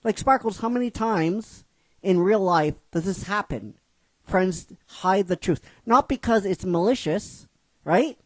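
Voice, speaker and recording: Slow, rhetorical man narrating his script. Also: sits high, expressive, dry recording. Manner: rhetorical, keeps asking "right?", repeats himself. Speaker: writer narrating his own fan script. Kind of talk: casual storytelling commentary.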